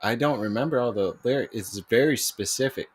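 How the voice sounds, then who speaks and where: A man's voice: mid-range voice, brisk, husky. Man, young adult, podcast co-host, casual chat, rambling, swearing. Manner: rambling, filler-heavy, cursing.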